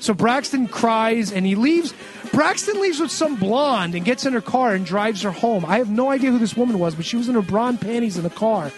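On a podcast, a man recaps a wrestling show in a sarcastic rant loaded with swearing. His very high-pitched voice is expressive and fairly quick, with soft music in the background.

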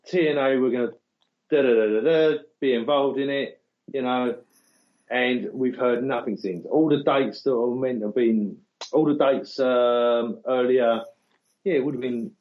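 A man's voice: mid-range voice, measured pace. A man with an English accent co-hosting a casual podcast in a laid-back, sardonic way. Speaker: podcast co-host. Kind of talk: casual chat. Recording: dull lo-fi audio.

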